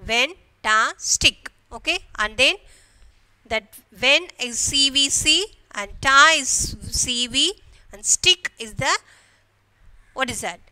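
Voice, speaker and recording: Slow, bright-voiced Indian English teacher. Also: female voice, high voice, animated, clean tone. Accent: Indian English, from Kerala. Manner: slow, repetitive explaining with frequent "okay" and rhetorical questions. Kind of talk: grammar lesson for schoolchildren.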